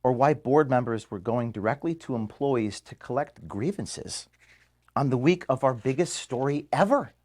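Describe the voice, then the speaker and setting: Man in his thirties, office farewell to staff, halting, mid pitch, filmed in the room. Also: animated, a little mellow. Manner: halting, emotional, pauses and restarts. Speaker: organization founder addressing staff. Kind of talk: emotional farewell speech. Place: office, indoors.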